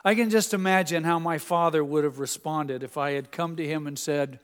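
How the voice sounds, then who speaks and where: A man preaching a sermon in a church, telling stories with gentle humor. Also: on the high side, steady tone, normal speed, few pauses, smooth, big-room sound. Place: church sanctuary.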